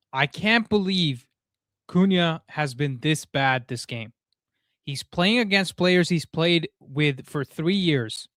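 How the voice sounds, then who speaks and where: A man watching football live for his viewers and ranting his frustration with stammered restarts and curses. His voice sits a little high and sounds close and dry, with no room around it. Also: lively intonation, slow, fairly bright tone, no room sound. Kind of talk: live match reaction. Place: home room.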